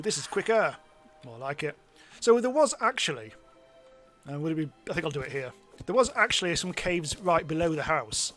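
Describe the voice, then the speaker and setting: A man giving chatty, self-mocking live commentary as he streams a game, now and then bursting into excited yelps. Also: a little high, normal speed, soft background music. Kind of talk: live let's-play commentary.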